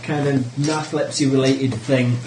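A man's voice: mid-range voice, moderate pace. Chatty man at a gaming table. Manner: chatty, animated storyteller. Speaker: player. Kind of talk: casual table chat. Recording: roomy with faint noise.

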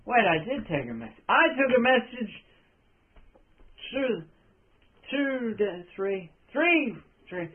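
A man's voice: high voice, narrow, tinny audio, full character voice. A man voicing a rambling drunk mouse. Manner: rambling, trailing off, loses track mid-sentence. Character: drunk, rambling mouse informant, battered and confused.

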